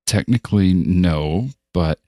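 A man's voice: low-pitched, slow, mellow, no room sound. A man voicing a resentful, hot-headed teenage boy in an audiobook.

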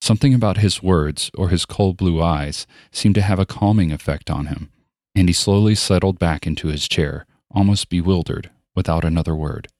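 A man narrating an audiobook in an even, steady storytelling voice. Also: deep voice, normal speed, dry recording, clean studio sound. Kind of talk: scripted narration.

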